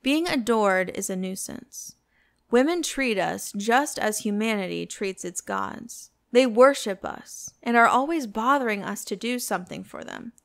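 A cynical aristocratic gentleman drawls clever epigrams in a languid, unhurried manner, as a woman reads him in an audiobook. The voice is a touch high and gravelly. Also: expressive.

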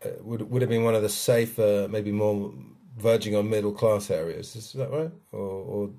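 A male podcast host asks questions with eager curiosity. His voice is low and mellow. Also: steady tone, normal speed. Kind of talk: interviewing.

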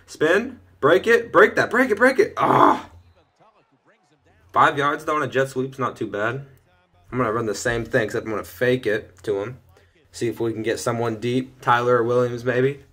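A young man casually commenting on his own gameplay from his bedroom, chatting through each play and getting loud and excited when things go well. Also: medium pitch. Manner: excitable, shouts and laughs at big plays. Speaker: gaming video host. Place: bedroom at home.

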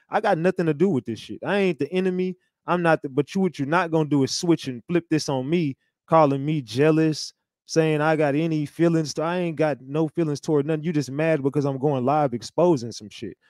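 A man's voice: on the high side, darkish tone, no room sound, clean studio sound. Blunt heated man on a livestream. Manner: blunt, heated, repetitive restarts. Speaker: livestream host. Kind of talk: casual livestream monologue.

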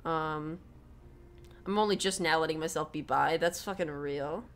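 A woman's voice: sits low, normal speed. A young woman streaming a video game, chatting candidly and rambling as she answers her chat, swearing freely. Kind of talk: casual gameplay stream chat.

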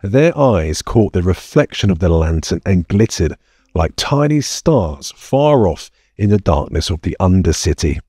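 A male audiobook narrator reads a script in a measured yet expressive way, his deep, dark, slightly rough voice ranging lively in pitch. The recording is close and dry, with soft music faintly beneath it.

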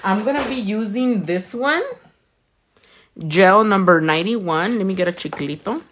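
At a medium pitch and a moderate pace, a young Californian woman talks through a nail tutorial she's livestreaming, doing nails, swearing freely and answering viewer comments. A faint hiss or hum sits under the audio.

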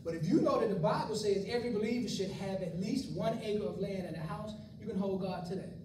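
A man's voice: high voice, quick pace, background noise. A man preaching a sermon to his congregation in a folksy style, with joking asides to the crowd. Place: church sanctuary. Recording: echoey room, voice from far off mic.

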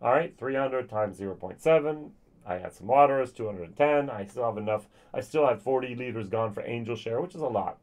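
A man's voice: medium pitch, fairly quick, darkish tone. A man giving a casual spoken whisky tasting review, chatty and thinking aloud with frequent ums and restarts. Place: lives in Germany.

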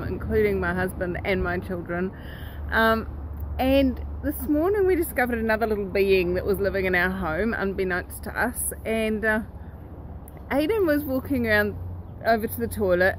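A woman hosting her own self-help vlog, telling a story in a lively, earnest and direct way. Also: a little high, a little hiss or hum, poor audio. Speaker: host.

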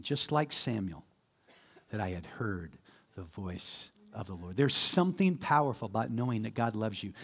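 A man preaching a sermon as pastor, animated and calling on the congregation to respond. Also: medium pitch, breathy edge. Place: church sanctuary.

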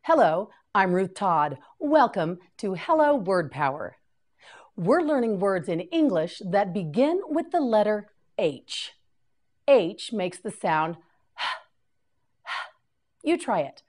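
A woman teaching English vocabulary in a slow scripted lesson, patiently repeating each word for learners to copy. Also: mid-range voice, sing-song, darkish tone.

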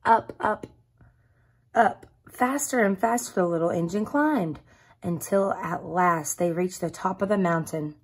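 A woman reads a children's picture book aloud, animating each moment with storytelling emphasis. Her voice is soft and somewhat breathy, at a middle pitch. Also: unhurried. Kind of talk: expressive children's read-aloud.

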